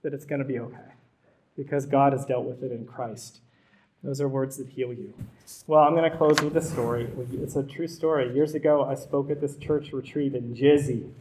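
A man's voice: mid-range voice, steady tone, normal speed, darkish tone. A middle-aged man, a pastor, preaching a sermon in a conversational way that builds to emphatic repetition.

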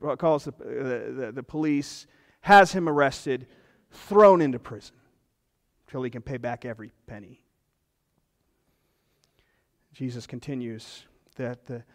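A man with a mid-range voice delivers a sermon as a pastor, earnest and emphatic. His words trail off in a long reverb.

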